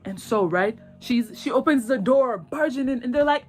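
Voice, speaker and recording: A young woman casually retelling a drama plot in slangy, excitable talk, acting out lines in quick voices. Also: a little high, over loud music. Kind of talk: casual animated storytelling.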